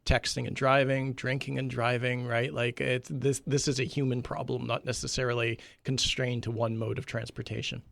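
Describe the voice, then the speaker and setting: A man councillor talks candidly on a radio panel, with plenty of fillers along the way. His voice sits at a middle pitch and sounds dry and close to the mic. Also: little pitch movement, normal speed, vocal fry, few pauses, a bit bright, dry recording. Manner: candid and conversational, fillers and laughs. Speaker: city councillor.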